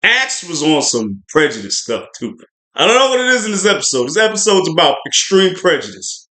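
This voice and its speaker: Man, livestream podcast host, animated swoops, chatty and rambling. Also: on the high side, a little fast. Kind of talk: casual spoiler review livestream.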